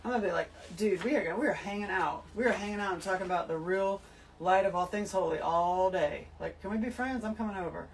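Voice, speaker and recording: A woman giving an emphatic, animated spiritual talk to her listeners, full of swearing. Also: mid-range voice, fast, far from the mic, a little hiss or hum, low-quality recording. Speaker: host. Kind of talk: spiritual monologue to camera.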